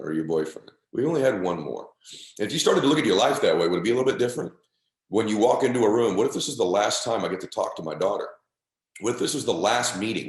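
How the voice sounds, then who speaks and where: Middle-aged guy, low voice, intense pep talk, roomy echo. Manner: intense, emphatic, calls listener "bro". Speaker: guest, motivational speaker. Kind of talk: emotional motivational storytelling.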